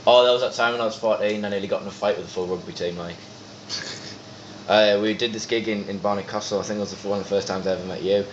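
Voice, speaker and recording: A young man, telling rapid, animated anecdotes in casual chat as a band member and podcast guest, full of swearing and acted-out quotes. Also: on the low side, a little hiss or hum. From North East England. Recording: echoey, slightly dull podcast room recording.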